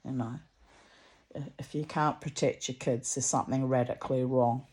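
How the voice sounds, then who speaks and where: A woman's voice: extremely low pitch, fairly even intonation, normal speed, darkish tone. A woman telling a story in a chatty, rambling way, blunt and salty, with lots of asides and restarts. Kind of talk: casual storytelling monologue.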